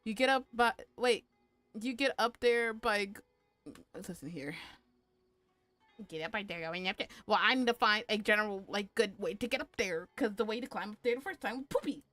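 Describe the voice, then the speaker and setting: A woman's voice: mid-range voice, normal speed, a bit bright, no room sound, soft background music. A woman streaming a game, chatting casually with crude, playful jokes and talking to herself. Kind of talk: casual gaming commentary.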